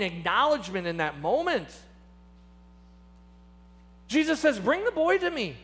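Male preacher, high bright voice, animated delivery that voices the people he quotes. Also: a little slow, long pauses. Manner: impassioned, acts out quoted speakers with rising pitch. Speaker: pastor. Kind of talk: sermon.

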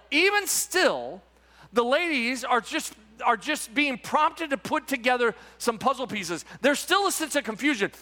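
A man preaching in a church sanctuary, his voice high and animated, rising and falling through emphatic repetitions. The sound is bright and carries a long reverb from the hall around him. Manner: emphatic preaching, frequent repetitions and rhetorical asides. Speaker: pastor. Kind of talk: Easter sermon.

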